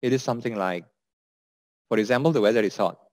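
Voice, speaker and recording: A man's voice: mid-range voice, fast, no room sound. A man with an Indonesian accent teaching an English lesson, patiently repeating example sentences.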